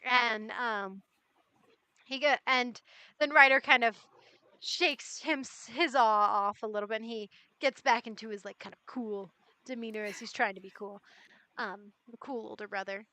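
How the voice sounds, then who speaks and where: A woman narrating as game master in a tabletop game, relaxed and full of fillers. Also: on the high side, moderate pace, no echo.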